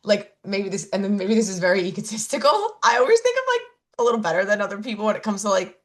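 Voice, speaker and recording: A woman's voice: medium pitch, sing-song, fast talker. Rambling, self-mocking woman telling a story. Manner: rambling storytelling with many fillers and self-corrections; laughs at herself while telling stories. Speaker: podcast co-host. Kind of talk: casual chat.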